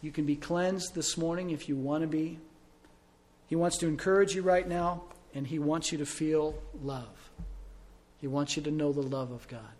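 A middle-aged man preaches as pastor, earnest throughout, sinking to soft, low tones and then rising to loud emphasis. His voice sits somewhat high for a man. He moves from sermon into a closing prayer in the same steady, pleading way. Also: normal speed.

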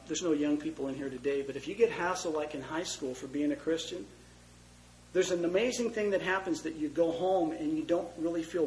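A man preaching a conversational sermon, moving between loud emphasis and hushed, tender asides. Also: on the high side, slight background noise, poor audio. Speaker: pastor.

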